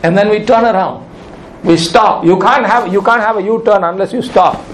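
A man's voice: sits high, normal speed, roomy sound, a little hiss or hum, low-quality recording. A male pastor preaching a sermon, emphatic and repeating his key phrases.

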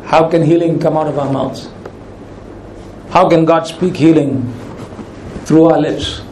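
A man with a high voice preaches a sermon in a church sanctuary, leaning hard on each quoted command and stretching it out. The room rings with echo, and a faint hiss sits under his voice. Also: fairly even intonation, darkish tone. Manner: emphatic preaching, slows and rises on commands. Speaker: pastor.

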